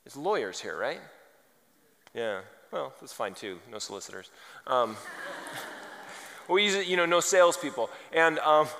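A man preaching a sermon, telling funny stories and building to loud, emphatic points. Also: fairly high pitch, measured pace, gravelly, pauses often, slight background noise. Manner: animated, humorous, rising to loud emphasis. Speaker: pastor. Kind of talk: sermon with storytelling. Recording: reverberant large hall.

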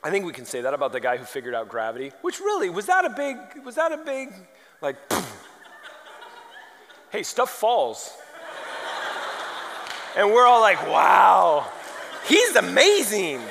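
A man preaching a sermon, telling a story in a lively, rambling way and often poking fun at himself. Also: sits high, normal speed, long pauses, a little hiss or hum. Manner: animated, rambling and self-mocking. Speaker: pastor. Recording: long hall reverb.

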